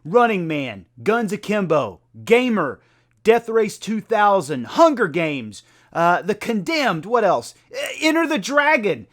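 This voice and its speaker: A man's voice: sits high, very animated, slow, fairly bright tone, pitched above the performer's own voice, heavily acted. A man voicing an exasperated, nitpicking male film buff who scolds and lists films in disbelief.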